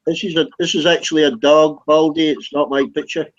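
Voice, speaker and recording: A man from Wales with a fairly high voice mocks and ribs the others in an online voice chat, swearing freely. His voice comes through dull, lo-fi chat audio. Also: level tone, a little fast. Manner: teasing, crude and profane. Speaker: voice chat participant. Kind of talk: casual voice chat banter.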